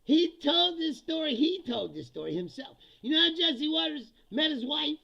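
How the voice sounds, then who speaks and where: High gravelly man ranting crudely. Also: sing-song, moderate pace, pushed and bright, muffled recording. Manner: crude, mocking, often laughing at his own jokes. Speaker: comedian. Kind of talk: profane comedic political rant.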